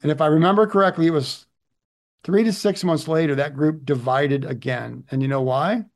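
Middle-aged male pastor, slightly higher voice, chatty sermon delivery with rhetorical asides. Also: normal speed. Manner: conversational, frequent "right?" asides.

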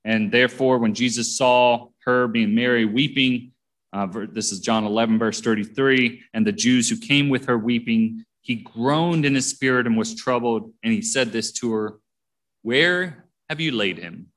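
A man's voice: mid-range voice, steady tone, normal speed. A man preaching a sermon, reading verses aloud and commenting on them between readings in a plain, conversational way.

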